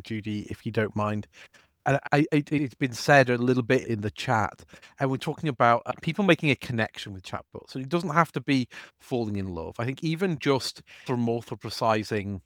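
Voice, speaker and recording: A man co-hosting a casual livestream chat, relaxed and repeating points for emphasis. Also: mid-range voice, dry recording, clean studio sound.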